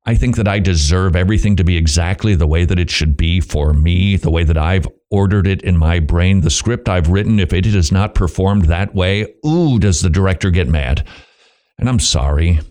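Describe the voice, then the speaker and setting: A man hosting a Christian radio talk show, preaching emphatically with rhetorical questions and quick bursts of speech. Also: deep voice, darkish tone, smooth. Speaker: radio host. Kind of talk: preaching on biblical parenting.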